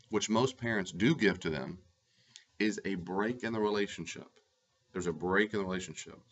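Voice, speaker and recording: Man, very low voice with a bright forceful edge, earnest advice talk to camera, repeats phrases for stress, slightly dull lo-fi audio. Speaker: life coach.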